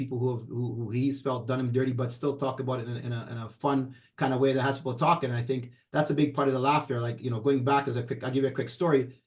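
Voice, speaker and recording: A middle-aged man co-hosting a casual talk show, rambling on with many fillers. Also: mid-range voice. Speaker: podcast co-host. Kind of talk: casual chat.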